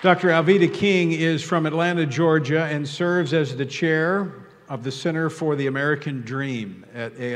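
Male host reading formal speaker introductions, reverberant hall. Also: mid-range voice. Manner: warm formal introductions, lifting on names and titles. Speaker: event host.

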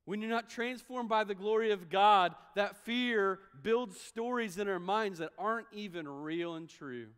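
A man's voice: sits high, measured pace, hardly any pauses, a bit bright, clear, resonant tone. A man preaching a sermon as a pastor, in a conversational style, acting out the voices of the people he quotes. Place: church sanctuary. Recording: long hall reverb.

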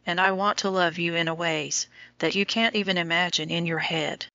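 A woman's voice: on the low side, fairly even intonation, moderate pace, bright, forceful tone, no echo. A woman voicing an intense, lovesick young man in an audiobook romance, speaking in an urgent, pleading way. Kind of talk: audiobook dialogue reading. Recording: dull lo-fi audio.

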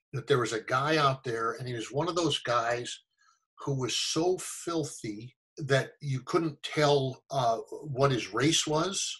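An older American actor telling stories in a casual interview, animated and fond of acting out the voices of people he quotes. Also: mid-range voice, low-quality recording. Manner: animated storyteller, acts out quoted voices, chuckles often. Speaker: actor guest.

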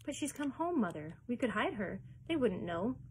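A woman's voice: on the high side, very animated, moderate pace, a little mellow, slightly rough, voice pushed up, heavily acted. A woman reading a storybook aloud and voicing a hopeful young boy who pleads in a rush of words. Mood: eager pleading. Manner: eager, words racing, pleading.

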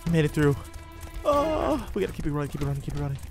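Excitable man narrating a game roleplay. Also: fairly high pitch, rapid-fire. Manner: excitable, yelps and panics during chases. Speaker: gamer doing a roleplay. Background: game music.

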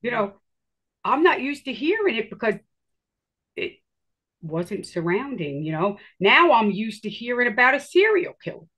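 A woman telling her own story in a casual, animated way, swearing freely and acting out her own reactions. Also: on the high side, lo-fi sound.

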